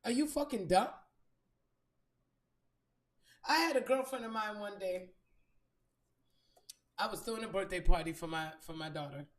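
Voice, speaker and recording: A woman's voice: medium pitch, moderate pace. A woman telling a story in a blunt, profane and emphatic monologue as a podcast host. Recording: echoey room.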